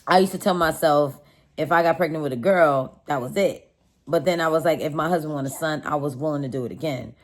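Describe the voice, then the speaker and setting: Chatty low-voiced woman telling a story. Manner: chatty, addresses viewers as y'all, animated retelling. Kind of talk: casual storytime.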